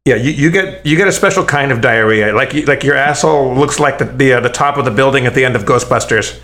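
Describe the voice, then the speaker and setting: A man's voice: medium pitch, fast, a bit bright. A man in casual chat, rambling with many restarts and swearing freely as he tells food stories.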